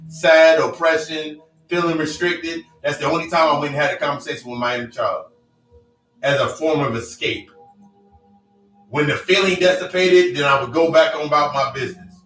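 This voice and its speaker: A man's voice: on the high side, sharp tone. A man giving a blunt, profane motivational monologue, hammering his points with repeated phrases. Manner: blunt, profane, repetitive preaching cadence. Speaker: self-help speaker. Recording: echoey room, distant mic, faint music.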